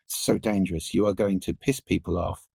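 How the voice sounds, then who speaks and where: A middle-aged man, a podcast guest, explaining listening and voice in an animated, expressive way that shifts pace and pitch for emphasis. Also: brisk, creaky, husky, dry recording. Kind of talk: interview conversation.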